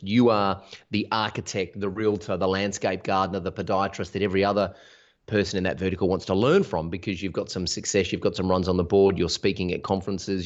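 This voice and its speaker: A man talking as an interview guest, explaining his business with energy, examples and restarts in casual conversation. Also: low-pitched. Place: Sydney. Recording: dull lo-fi sound.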